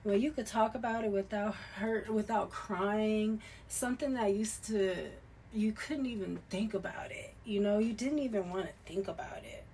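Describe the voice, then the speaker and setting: A woman giving a loose, conversational tarot reading, swearing casually and swinging from soft murmurs to loud, emphatic bursts. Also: mid-range voice, normal speed, a little hiss or hum. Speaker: tarot reader.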